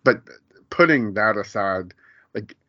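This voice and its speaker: Male podcast co-host, casual and rambling, chuckles often; deeper voice, dry dull sound. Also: lively intonation, slow, sharp tone, no room sound. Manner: rambling, chuckling as he recounts scenes. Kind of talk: casual chat.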